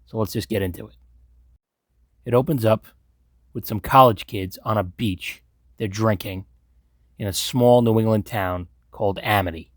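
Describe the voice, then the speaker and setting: This movie commentator from Long Island, New York gives a profane movie recap, blunt and sarcastic, swearing freely. His voice sits on the low side at normal speed with frequent pauses, and the studio recording is clean with no echo.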